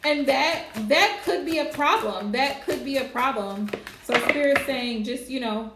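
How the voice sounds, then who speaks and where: A woman's voice: high voice, a little slow, a bit bright, echoey room, soft background music. Chatty woman reading tarot live. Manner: chatty, casual, laughs often. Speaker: tarot reader.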